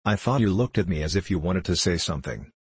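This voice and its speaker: A man's voice: sits low, lively intonation, fast talker, husky, no echo. A man reading an earnest teenage boy. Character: earnest fourteen-year-old boy, brave and modest.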